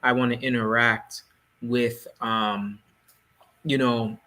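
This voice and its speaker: Bright-voiced man explaining at length. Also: mid-range voice, flat delivery. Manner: explanatory, measured, lecturing. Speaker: podcast co-host. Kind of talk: casual panel discussion.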